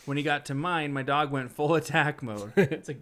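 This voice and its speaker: A man's voice: on the high side, normal speed, bright, forceful tone. A man co-hosting a podcast, reading creepy stories aloud in a casual way and breaking off with blunt, joking reactions.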